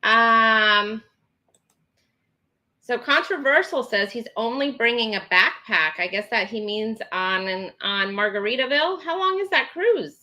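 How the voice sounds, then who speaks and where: A woman's voice: on the high side, animated, a little slow, sharp tone, low-quality recording. A woman hosting a casual live stream, chatting and reading viewer comments aloud with many ums.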